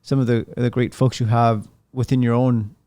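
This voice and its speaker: A man's voice: mid-range voice, flat delivery, normal speed, warm tone. A man hosting a podcast interview, chatty and encouraging toward his guest. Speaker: podcast host.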